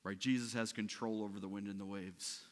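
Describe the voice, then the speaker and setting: A man's voice: on the low side, fairly even intonation, a little fast, big-room sound. A man preaching a sermon as pastor in a conversational way, often asking "right?" and restarting his sentences. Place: church sanctuary.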